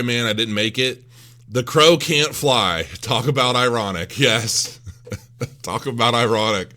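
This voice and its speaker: A man's voice: mid-range voice, sharp tone. A man recovering from illness tells a rambling, self-mocking story in a casual vlog, swearing freely. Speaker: crypto vlogger.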